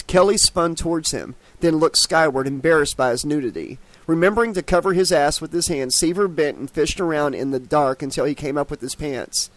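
A man's voice: fairly high pitch, normal speed, hardly any pauses, no echo. A man narrating an audiobook, reading with small stumbles and restarts.

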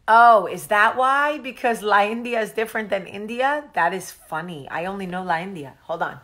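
A woman's voice: mid-range voice, lively intonation, moderate pace, a bit bright. A woman, chatting casually and profanely as a vlog host. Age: 40s. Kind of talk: casual chat.

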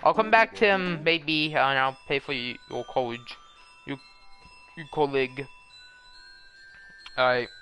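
A man's voice: medium pitch, slow, pauses often, bright, forceful tone, soft background music. A man casually commentating a video game at home, laid-back, swearing and laughing between remarks. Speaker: gamer commentating a let's play. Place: room in a house, at home.

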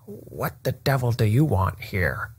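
A man voicing a fierce, bullying elderly male horse trainer in a bedtime story reading, gruff and blustering. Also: medium pitch, sing-song, measured pace, heavily acted. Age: older.

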